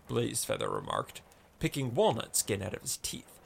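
A man narrating a story in a slow, expressive reading. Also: fairly low pitch, creaky, husky.

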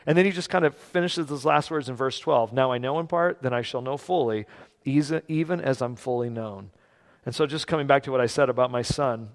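A man preaching a sermon, telling a personal story and moving between hushed, quiet passages and loud, emphatic ones. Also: mid-range voice, a little fast. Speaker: pastor.

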